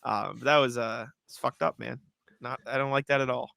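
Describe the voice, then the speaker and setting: A man's voice: mid-range voice, moderate pace, creaky, no echo. A young man co-hosting a casual sports podcast, telling stories animatedly with plenty of "like" and swearing. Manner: animated storytelling, frequent swearing and filler "like". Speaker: podcast co-host.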